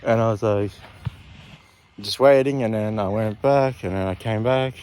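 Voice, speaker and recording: Young man, lowish voice, rambling, repetitive, self-correcting, casual storytime. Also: normal speed, darkish tone, a little hiss or hum.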